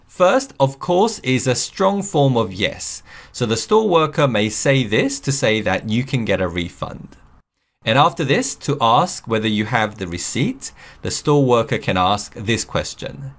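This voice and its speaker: A man teaching English, reading out model phrases slowly and clearly for learners to repeat. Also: mid-range voice, very animated. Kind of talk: scripted lesson narration.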